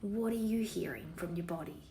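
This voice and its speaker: Yoga lady hamming up a fake aussie accent, gravelly voice, echoey room. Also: lowish voice, moderate pace. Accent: playful put-on Australian. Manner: relaxed, encouraging, slang-filled cueing. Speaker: yoga teacher. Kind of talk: guided yoga class instruction. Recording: roomy echo, faint room hiss.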